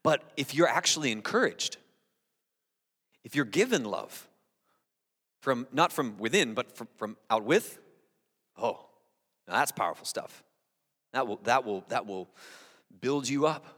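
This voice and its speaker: A male pastor delivers a casual, animated sermon at an ordinary middle pitch. He speaks directly to his listeners, doubling back and repeating words as he goes. His voice rings out with a long reverb tail, as in a large sanctuary. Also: unhurried, pauses often. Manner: lively, talks straight to the congregation, restarts and repeats words. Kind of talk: conversational sermon.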